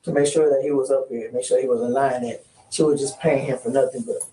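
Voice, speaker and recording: A man's voice: mid-range voice, steady tone, quick pace, mellow. A man recounting past events under questioning, acting out the quoted exchanges in casual street slang. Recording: roomy, distant mic, faint hiss.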